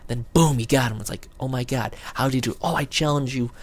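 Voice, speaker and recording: A man talking casually to his camera, rambling and excited as he acts out what his friends said. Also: medium pitch, quick pace. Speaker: video blogger.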